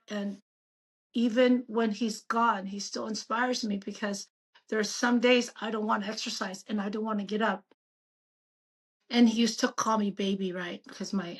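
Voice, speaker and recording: Bright-voiced woman in her fifties. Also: mid-range voice. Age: 50s. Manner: animated, emphatic, storytelling. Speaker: doctor and guest. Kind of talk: casual interview chat.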